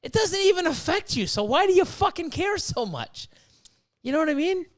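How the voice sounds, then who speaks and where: A man hosting a podcast, chatting casually in a rambling, profane and animated way. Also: very high-pitched, moderate pace. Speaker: podcast host.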